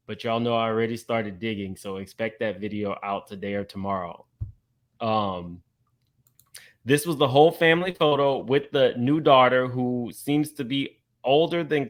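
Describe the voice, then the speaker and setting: A man hosting a casual reality-TV gossip commentary, chatty and quick to laugh, talking straight to his viewers. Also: mid-range voice. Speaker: commentary channel host.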